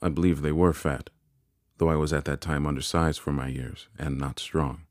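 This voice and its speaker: A man reads a classic novel aloud in an unusually deep, low voice with a measured, deliberate delivery. The recording is dry and close to the mic, with no room sound at all. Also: steady tone, darkish tone, dry recording. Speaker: audiobook narrator. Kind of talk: scripted narration of a classic novel.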